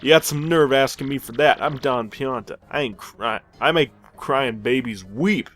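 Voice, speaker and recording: A man voicing a gruff, domineering mobster boss with a put-on tough-guy accent, reading game dialogue aloud. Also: mid-range voice, moderate pace, a bit bright, soft background music, lightly acted. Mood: bragging.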